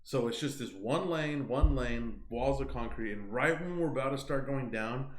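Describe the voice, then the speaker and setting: A young man telling a long story on a casual podcast, animated and profane, filling his talk with "like.". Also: medium pitch, normal speed. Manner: animated, profane, heavy use of "like". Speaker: podcast co-host. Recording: roomy echoey room.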